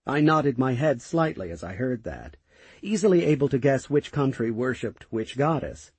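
A man narrating a fantasy audiobook in the first person, with an expressive storytelling manner. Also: mid-range voice, moderate pace, slightly rough, dry recording.

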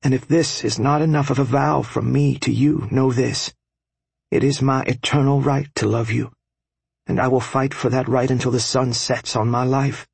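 A man voicing a gentle, devoted young woman in an audiobook, in a soft, breathy, earnest voice raised well above his own. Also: mid-range voice, fairly even intonation, moderate pace, no room sound, voice pushed up.

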